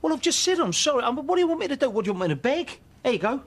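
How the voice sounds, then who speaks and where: A man's voice: extremely high pitch, big pitch swings, racing, full character voice. An actor playing a blunt, sarcastic father who argues with his wife. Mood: awkward apology.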